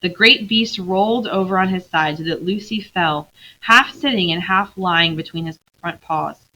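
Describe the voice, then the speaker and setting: A woman teacher reading a novel aloud to her class, expressive, pausing to quiz the students. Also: fairly low pitch, highs cut off.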